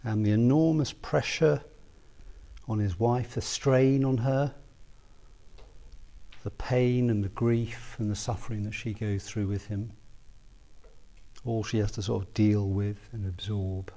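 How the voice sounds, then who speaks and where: A man preaching a sermon, earnest and personal, rising to emphatic peaks and dropping to soft, quiet asks. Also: lowish voice, fairly even intonation, measured pace, pauses often.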